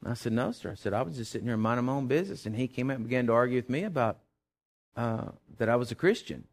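A middle-aged man, a pastor preaching a sermon and telling a personal story in a folksy, animated way. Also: medium pitch, fast talker.

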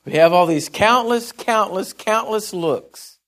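A man's voice: high-pitched, slow, fairly bright tone. A man preaching a sermon in a conversational way, musing aloud and often correcting himself.

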